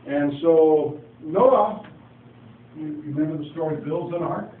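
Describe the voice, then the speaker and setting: A man's voice: fairly high pitch, measured pace, narrow, tinny audio. Folksy male preacher, echoey phone recording. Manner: folksy storyteller, acting out dialogue with asides. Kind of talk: informal Bible teaching. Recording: echoey, distant phone recording with faint noise.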